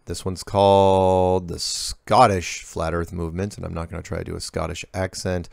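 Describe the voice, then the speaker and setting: Low gravelly man reading emails aloud. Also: flat delivery, moderate pace, no room sound, clean studio sound. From US Pacific Northwest. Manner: offhand, drifting into asides and self-corrections. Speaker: host reading viewer emails. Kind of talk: casual solo email Q&A.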